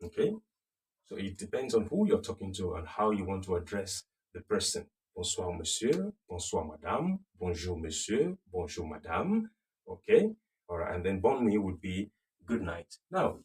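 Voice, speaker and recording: A man teaching a recorded beginner French lesson, patiently repeating phrases slowly and checking in with the viewer. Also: deep voice, huge pitch swings, darkish tone, recorded from a distance.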